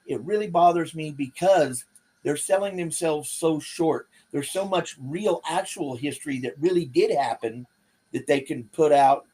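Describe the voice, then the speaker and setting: Husky, slightly high male co-host, opinionated, with dry one-liners. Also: unhurried, dark tone. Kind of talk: casual chat.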